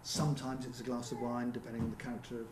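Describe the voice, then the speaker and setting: A man presenting at a seminar in a theatre, talking conversationally with frequent ums and quick rhetorical checks with the audience. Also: mid-range voice, flat delivery. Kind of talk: conference presentation. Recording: roomy venue with faint background hum.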